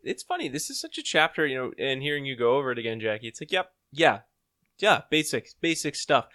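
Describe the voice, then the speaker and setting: A man co-hosting a podcast as a behavior analyst, chatting casually with a joking, lively way of telling stories. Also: medium pitch, fairly quick.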